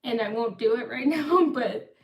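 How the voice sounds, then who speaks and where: A woman's voice: a little high, normal speed, muffled recording. A woman in her thirties telling a rambling story on a live stream, often breaking off and restarting. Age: 30s. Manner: rambling, self-interrupting. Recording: echoey room, far from mic.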